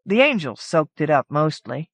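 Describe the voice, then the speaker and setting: A woman's voice: sits low, sing-song, normal speed, no echo. A woman reading a short story aloud in a casual, conversational first-person telling. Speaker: audiobook narrator. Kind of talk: scripted narration of a short story.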